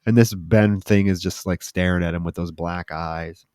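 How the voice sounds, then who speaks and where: A man co-hosting a podcast, retelling movie scenes in an animated, casual way and swearing freely. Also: low-pitched, normal speed, smooth, no echo, studio quality. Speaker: podcast co-host.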